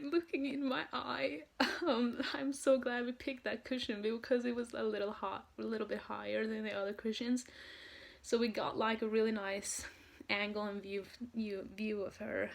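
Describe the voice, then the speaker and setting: A woman from Norway, telling a story in an excited vlog, full of "like" and "um". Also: on the high side, vocal fry. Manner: gushing, excitable, heavy use of "like" and "um". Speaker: vlogger.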